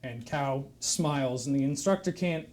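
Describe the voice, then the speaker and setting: A man telling a long shaggy-dog joke on a live stream, with deadpan, meandering narration that over-explains every detail. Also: on the high side, moderate pace.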